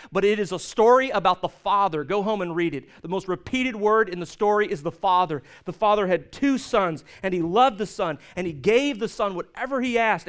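A man's voice: sits high, a bit bright, clean tone. A man preaching a sermon as pastor, telling stories and jokes and asking the listeners questions.

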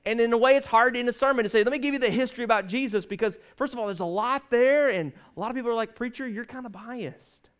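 A man preaching a sermon, stressing scripture lines slowly and leading the congregation to repeat after him. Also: very high voice, clear, resonant tone. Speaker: pastor.

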